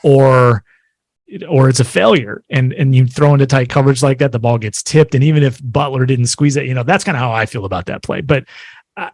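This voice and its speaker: Give me a man in his forties telling sports stories in a loose, rambling way, with a mid-pitched voice. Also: brisk, darkish tone, no room sound. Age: 40s. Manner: rambling, filler-heavy storytelling. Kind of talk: casual sports chat.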